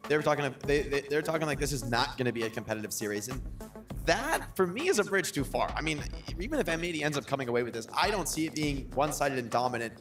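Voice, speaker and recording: A man's voice: mid-range voice, expressive, quick pace, distant mic, music in the background. A man analyzing esports on a broadcast desk, stating his opinions earnestly and emphatically.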